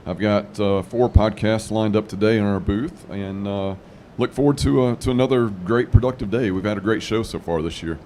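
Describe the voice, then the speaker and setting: A friendly man recounts his day as a panel guest at a trade show. His voice runs somewhat low and relaxed. A faint noise floor hums under the talk. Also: normal speed. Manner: friendly, easygoing storyteller. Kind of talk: casual panel chat. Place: trade show lounge studio.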